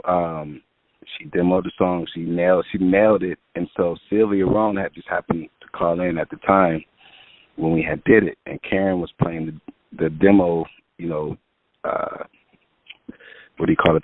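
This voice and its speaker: His voice sits low as this music producer, a guest in an interview, meanders through casual anecdotes with plenty of fillers; there's no room sound, just a tinny, phone-line quality.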